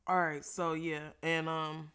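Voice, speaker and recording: A young woman casually telling a story while eating, animated and profane, laughing often. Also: deep voice, unhurried, slight background noise. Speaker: vlogger.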